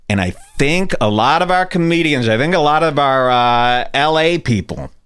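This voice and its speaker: A man's voice: on the high side, a bit bright. A man hosting a podcast, ranting in a crude, mocking, sarcastic way. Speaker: podcast host. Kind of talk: ranting casual talk.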